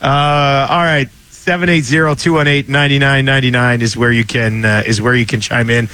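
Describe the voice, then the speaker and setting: A man's voice: medium pitch, steady tone, moderate pace, sharp tone, no echo. A man hosting a sports talk radio show, bantering loosely and joking as he fixes his studio mic live. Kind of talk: casual on-air banter. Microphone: studio microphone.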